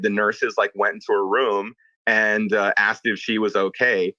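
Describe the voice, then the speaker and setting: Man, low and bright, chatty tattoo-artist storyteller, dry lo-fi audio. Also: moderate pace, no echo. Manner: storytelling, animated, swears casually. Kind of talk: casual chat.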